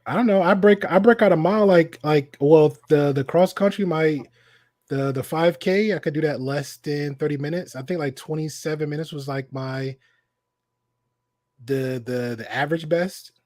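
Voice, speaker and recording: A man with a faint Southern drawl tells long stories in casual chat. He swears freely and acts out other people's lines as he goes. His voice sits a little high and the sound is dry and close. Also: moderate pace, no room sound. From American South. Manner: animated storyteller, acts out quotes, swears casually.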